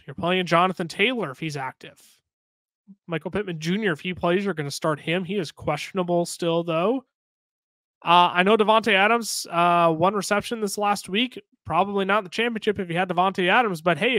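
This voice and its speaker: A man co-hosting a podcast, giving brisk, opinionated and jokey fantasy football picks in casual chat. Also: high voice, fairly bright tone, no room sound. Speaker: podcast co-host.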